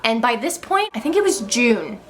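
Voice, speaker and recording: A woman's voice: on the high side, big pitch swings, normal speed. A young woman in her twenties telling a personal story to camera in a casual, chatty way, full of fillers. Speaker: vlogger.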